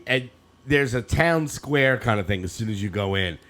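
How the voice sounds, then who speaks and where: A man's voice: mid-range voice, animated, moderate pace, fairly bright tone. A man in his fifties co-hosting a podcast, telling rambling stories in casual chat and laughing often. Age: 50s. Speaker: podcast co-host.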